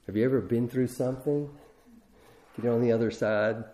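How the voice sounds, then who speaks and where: A man's voice: mid-range voice, steady tone, normal speed, mellow. A middle-aged man preaching a sermon in a conversational way, often restarting his sentences. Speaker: pastor.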